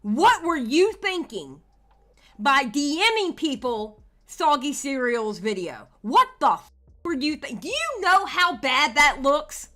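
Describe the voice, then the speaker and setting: A high, bright-voiced woman hosts a reaction livestream, her pitch swinging widely as she rants in exasperation at people who aren't there. She takes her time, leaning on each word. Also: big pitch swings, slow. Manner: exasperated, ranting at absent people. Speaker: commentary channel host.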